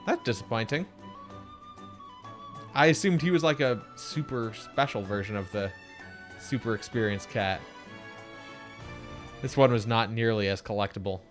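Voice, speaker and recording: A man's voice: fairly low pitch, unhurried, long pauses, fairly bright tone, faint music behind. A man giving chatty, joking commentary while streaming a game. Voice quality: chatty, joking, self-deprecating. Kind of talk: casual gameplay commentary.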